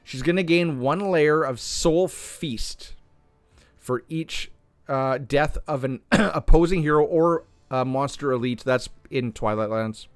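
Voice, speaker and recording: A man with a slightly hoarse voice reading game patch notes aloud and reasoning through them, often correcting himself mid-sentence. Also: fairly high pitch, takes it slowly, no echo, soft background music. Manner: thinks aloud, restarts and self-corrects. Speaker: gaming content creator.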